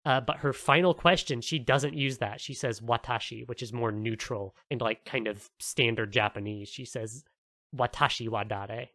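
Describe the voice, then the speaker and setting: Excitable bright-voiced man recapping. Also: mid-range voice, normal speed, few pauses, no room sound. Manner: excited, swears a lot, animated retelling. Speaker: podcast co-host. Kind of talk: casual podcast recap.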